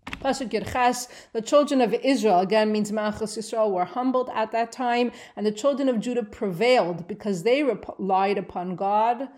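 Woman Bible teacher, a touch high-voiced, expressive lecture style, reads Hebrew verses aloud and translates. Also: normal speed. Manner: expressive, swings between emphatic and hushed delivery. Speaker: Torah teacher.

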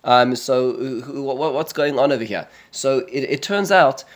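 A man teaching a text study lesson, reading verses aloud and translating them, halting and often repeating and restarting his words. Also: medium pitch. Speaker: religious teacher.

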